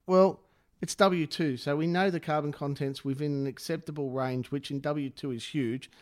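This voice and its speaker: A man's voice: a little high, fairly even intonation, normal speed, a little mellow. A man co-hosting a casual podcast, breaking down technical points step by step. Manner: explains technical detail step by step. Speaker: podcast co-host. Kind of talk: casual chat.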